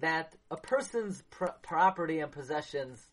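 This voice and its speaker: A man giving a Torah class lecture, animated, asking his listeners questions and mixing Hebrew and Yiddish terms into his English. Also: fairly high pitch, moderate pace. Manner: animated, asks the audience questions. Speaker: Torah teacher.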